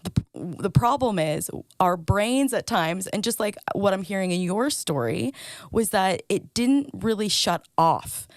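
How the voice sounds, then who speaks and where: A woman of middle pitch, recorded close in a dry room. She is a pastor with a counselor's habits who leads the chat with lots of likes and rights. She keeps asking gentle questions to draw her partner out. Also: expressive, a little slow, no room sound. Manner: warm interviewer, frequent fillers, asks probing questions. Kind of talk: casual conversation.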